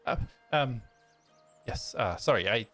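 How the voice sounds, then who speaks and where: A man voicing an excitable young woman inventor who gushes, stumbles and apologizes. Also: mid-range voice, slow pace, soft background music, pitched above the performer's own voice, full character voice. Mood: flustered. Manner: breathless, gushing, stumbling over apologies.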